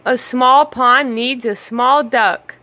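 A woman's voice: on the high side, fairly even intonation, takes it slowly, pushed and bright, no room sound. A woman voicing an eager, kind young male puppy in a storybook.

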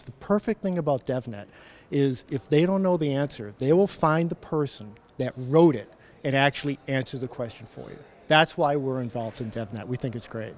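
A middle-aged man, a principal engineer at a conference, telling an animated story and acting out the dialogue. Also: medium pitch. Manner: animated anecdote-telling, acts out quoted dialogue. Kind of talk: storytelling in an event interview. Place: conference floor.

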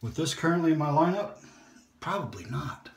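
A man hosting a shaving video, chatting in a relaxed, rambling way and talking to himself as he shaves. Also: a little high, fairly quick, creaky. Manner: relaxed, rambling, self-talk while shaving. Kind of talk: casual shaving vlog chat. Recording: echoey room.

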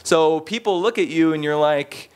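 A man answers interview questions in a loose, anecdotal way, stumbling over restarts and scattering fillers everywhere. His voice sits fairly high for a man. He keeps the telling lively and breaks into playful voices whenever he quotes people. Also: normal speed, clear, resonant tone. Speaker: interviewee, expat in the bar trade.

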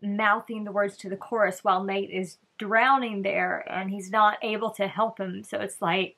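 A woman's voice: mid-range voice, fairly even intonation, normal speed, few pauses, pushed and bright. A woman hosting a casual reaction video, chatting and thinking aloud, often restarting and trailing off.

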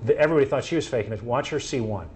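A man's voice: medium pitch, very fast, a little mellow, slight background noise. Man giving an anecdotal medical talk. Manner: anecdotal, acts out quoted exchanges. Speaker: doctor presenting to an audience. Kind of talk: live medical presentation.

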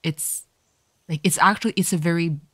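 A woman's voice: fairly low pitch, moderate pace, no echo, studio quality. A woman streamer giving casual let's-play commentary, reading the game's text aloud and then getting tearful and swearing.

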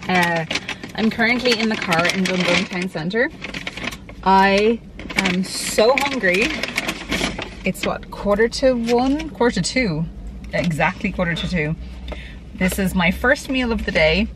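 A woman's voice: mid-range voice, unhurried, pauses often, very noisy. An Irish woman chatting casually to camera from her car, rambling and self-deprecating. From Ireland. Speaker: vlogger. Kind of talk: casual vlog chat. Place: in a parked car.

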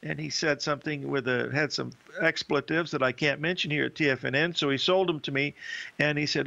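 A man's voice: on the high side, steady tone, brisk, gravelly, pushed and bright, highs cut off. An older man hosting a market show, talking in a rambling, folksy way with many fillers. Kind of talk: casual market commentary and storytelling.

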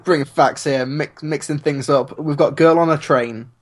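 A man's voice: on the high side, steady tone, unhurried. A man co-hosting a podcast, talking casually with many ums and a dry sense of humor. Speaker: podcast co-host. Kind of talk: casual chat.

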